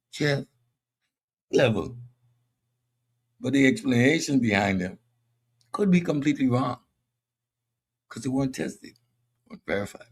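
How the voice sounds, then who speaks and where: A man's voice: mid-range voice, slightly rough. A man with a Caribbean accent hosting a combative philosophy monologue, boastful and mocking toward his audience. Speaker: host.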